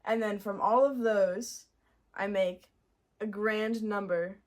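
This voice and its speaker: A woman's voice: medium pitch, steady tone, slow. A young woman from Montreal, a guest, chatting casually and easily about her favorite cafes. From Montreal, Canada. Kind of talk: casual interview chat.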